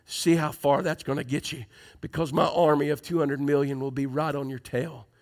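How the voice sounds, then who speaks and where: A preacher putting on a low, smug Satan. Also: male voice, steady tone, moderate pace, natural voice. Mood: coaxing menace. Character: tempting male Satan, smug and menacing.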